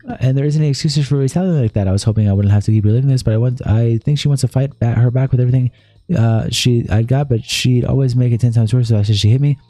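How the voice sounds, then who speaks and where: A man's voice: medium pitch, very fast, dark tone, no room sound. A man on a live stream, reading a long document and message screenshots aloud, often stumbling over words and restarting them. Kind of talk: live-stream read-through with commentary.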